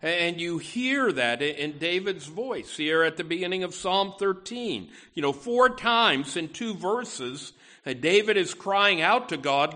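Male pastor, unhurried sermon delivery, slightly raised pitch, frequent "uh" and restarts. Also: big pitch swings, sharp tone. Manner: halting, many fillers and restarts.

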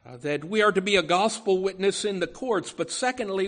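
A man's voice: sits high, moderate pace, few pauses, a bit bright. A man preaching a sermon, emphatic, often adding "you know" asides, with words that swell and drop.

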